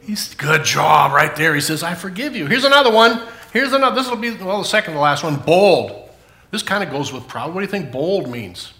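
A man gives a children's sermon in a church, keeping it playful and animated as he quizzes the kids. His voice sits high and bright. The room around him is roomy and echoey. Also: a little fast. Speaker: children's pastor.

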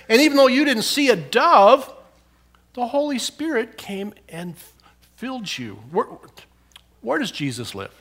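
A man's voice: sits high, unhurried, echoey room. A man who is a pastor giving a children's sermon, asking the kids questions and cheering them on. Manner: animated, questioning, encouraging toward kids.

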